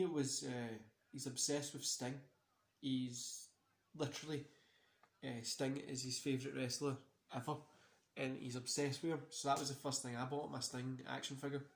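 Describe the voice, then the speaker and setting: Tired, rambling man in a roomy room. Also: mid-range voice. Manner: rambling, swears freely, many fillers. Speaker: host. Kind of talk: casual wrestling watch-along chat. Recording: roomy echo.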